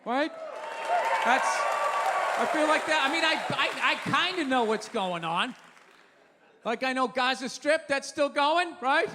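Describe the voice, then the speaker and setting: A middle-aged man doing a stand-up comedy rant, profane and exasperated, breaking into shouts. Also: very high voice, lively intonation, a little slow, long pauses, a crowd in the background, noisy background. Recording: reverberant theater stage.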